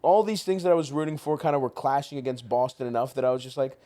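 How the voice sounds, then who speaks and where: A man in his thirties from Baltimore hosting a podcast in a studio, talking in rapid, profane, animated rants. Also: medium pitch. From Baltimore, USA. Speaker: podcast host. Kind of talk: casual chat.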